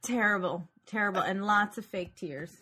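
A woman's voice: medium pitch, moderate pace, pushed and bright, slightly rough. A woman co-hosting a casual movie podcast, talking animatedly and laughing often as she plays up the plot's twists. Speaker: podcast co-host.

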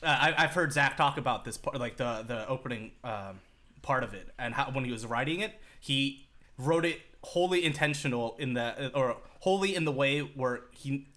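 A man's voice: mid-range voice, moderate pace, bright, forceful tone. A man co-hosting a podcast in casual chat, rambling and swearing freely as he acts out other people's reactions. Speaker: podcast co-host.

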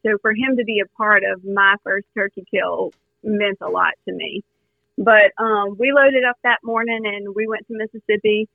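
A woman from Louisiana, a guest telling her hunting story in an earnest, animated way with lots of fillers, heard over a phone line. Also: medium pitch, no echo. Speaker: guest hunter. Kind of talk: storytelling in a podcast interview.

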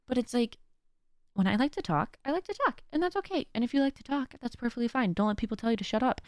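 A woman's voice: on the high side, animated, racing, clean tone, dry recording, clean studio sound. A young adult woman hosting her own podcast in casual chat, talkative and rambling with joking asides. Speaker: podcast host.

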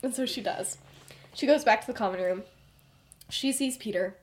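Young woman, fairly high voice, chatty, says "like" a lot, laughs often, casual chat. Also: normal speed. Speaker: fanfic writer recapping her story.

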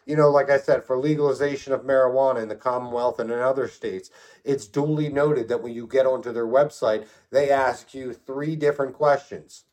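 A middle-aged man co-hosts a podcast, speaking at a normal speed with a medium pitch and a steady, slightly mellow tone. He rambles through stories and opinions casually, swearing and often asking "you know what I mean".

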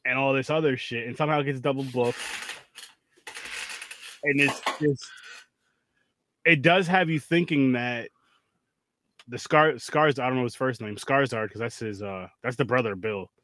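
A man's voice: mid-range voice, moderate pace, pauses often, fairly bright tone, no room sound. A man rambles through a movie recap in loose, profane chat. He keeps stopping and restarting his sentences and leans on filler words. His voice sits close in a dry, deadened space.

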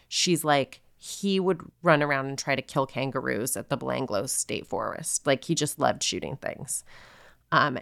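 A woman with a low, smooth voice recounts a crime case in a loose, conversational way, full of fillers and quoted asides. The recording is dry and close, with no room sound. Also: fairly bright tone, no room sound. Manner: chatty, filler-heavy, quotes people in asides. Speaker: podcast co-host. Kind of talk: casual true-crime storytelling.

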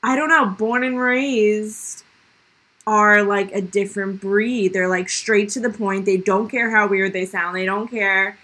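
Bright-voiced woman podcast host. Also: mid-range voice, steady tone, measured pace. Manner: chatty, emphatic opinions. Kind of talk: casual chat.

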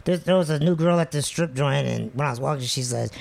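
A man in his fifties with a gravelly, creaky voice, telling crude and profane stories. He talks in a relaxed, casual way and keeps laughing at his own tales. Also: fairly high pitch, quick pace. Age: 50s. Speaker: guest. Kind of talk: casual storytelling chat.

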